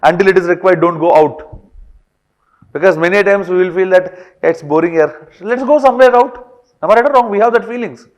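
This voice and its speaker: Male teacher with a high voice; lectures in a classroom, checking in with the class often. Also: brisk. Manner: frequent fillers and checks like "right or wrong?".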